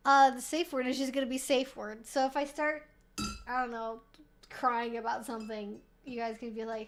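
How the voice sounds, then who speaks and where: High-voiced chatty woman streamer. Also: flat delivery, moderate pace, a bit bright, a little hiss or hum. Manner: rambling, swears, laughs often, slightly tipsy. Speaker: streamer hosting a Q&A. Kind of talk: casual live-stream chat.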